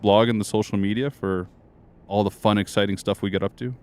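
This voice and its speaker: A man's voice: lowish voice, steady tone, a little fast, clean tone. A man co-hosting a casual livestream, laid-back and joking with his co-host. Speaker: streamer co-host.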